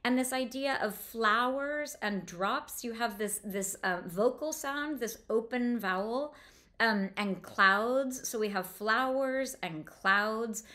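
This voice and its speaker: A woman's voice: a little high, bright, forceful tone. Enthusiastic woman lecturing on prose. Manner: enthusiastic, slows down to read passages aloud. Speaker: literature lecturer. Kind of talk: close-reading lecture.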